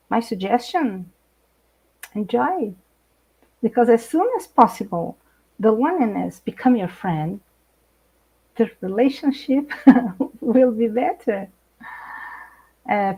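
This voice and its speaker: Slow-talking Brazilian woman. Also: mid-range voice, slightly rough, rough recording. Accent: Brazilian Portuguese. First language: Portuguese. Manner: animated, laughs often, hesitant non-native phrasing. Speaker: guest speaker, intercultural trainer. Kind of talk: live video chat.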